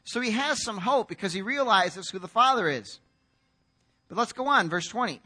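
A man's voice: high-pitched, expressive, normal speed, bright, forceful tone, slightly rough. An American man preaching a sermon in a conversational storytelling way, acting out the voices in the story. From United States. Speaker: pastor.

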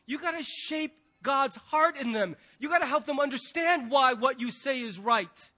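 A man preaching from the pulpit with a notably high voice. His tone is bright and forceful, and he slips into animated voices when he tells stories. The delivery is that of a middle-aged pastor speaking to his congregation. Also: moderate pace. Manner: animated storytelling, acting out quoted voices. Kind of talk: sermon.

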